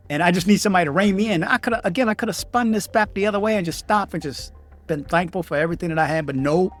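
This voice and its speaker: A middle-aged man from Washington, D.C., with a D.C. accent, telling a travel horror story in a heated, animated vlog rant. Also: a little high. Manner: animated, heated, acts out texted exchanges in raised voices. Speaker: vlogger.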